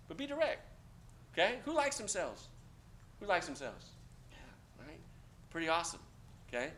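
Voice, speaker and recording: A man lecturing a class of cadets, blunt and joking, with loud outbursts. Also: on the high side, a little hiss or hum. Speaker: instructor.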